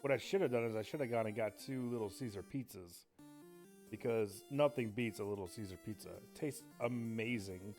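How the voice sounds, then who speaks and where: A lowish-voiced man talks at a moderate pace during a game stream, rambling and cursing in an excitable, casual way. Game music is faintly audible behind him.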